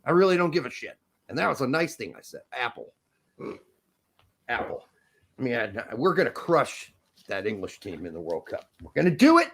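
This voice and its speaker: A man's voice: medium pitch, big pitch swings, moderate pace, pauses often, fairly bright tone, husky. A young man hosting a podcast, rambling energetically and joking with frequent laughs. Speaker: podcast host. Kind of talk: casual chat.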